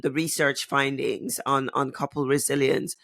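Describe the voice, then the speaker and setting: A man co-hosting a podcast, encouraging his guest and quick to agree. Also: medium pitch, little pitch movement, creaky, a bit bright, dry recording, clean studio sound. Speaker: podcast co-host. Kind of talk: podcast interview.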